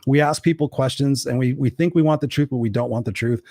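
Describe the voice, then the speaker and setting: Fast-talking blunt male coach, dry sound. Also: mid-range voice, dry recording. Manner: blunt, swears freely, animated storyteller. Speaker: executive coach, guest. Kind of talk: candid interview talk.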